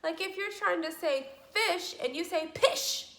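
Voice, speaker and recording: A speech therapist gives a children's speech lesson in a very high voice, speaking slowly with an exaggerated, encouraging teacher style. The sound is roomy, with heavy background noise.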